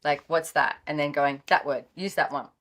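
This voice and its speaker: Aussie woman guest, animated anecdotes, lowish pitch, video-call sound. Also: normal speed. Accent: Australian. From Australia. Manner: lively storyteller, acts out quoted dialogue. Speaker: guest, business author. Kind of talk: casual storytelling interview.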